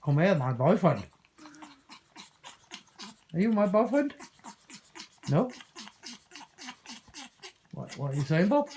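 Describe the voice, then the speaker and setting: A woman coaxes her pet bird in a lively, sing-song voice that swoops up and down. She talks slowly and teases with playful swearing. A faint hiss sits behind her. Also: lowish voice, low-quality recording. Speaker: parrot owner. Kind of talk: casual chat to a pet.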